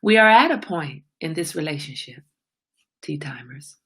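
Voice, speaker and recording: A woman's voice: deep voice, expressive, normal speed, a bit bright. A woman hosting a casual morning livestream, chatting and greeting viewers by name as she reads their comments. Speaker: livestream host.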